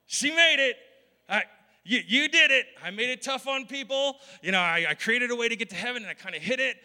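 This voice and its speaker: A man voicing a boastful, jovial male God who welcomes someone to heaven, in a loud, chummy, mocking way. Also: extremely high pitch, lively intonation, fairly quick, voice pushed up, heavily acted. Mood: gloating, chummy. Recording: long hall reverb.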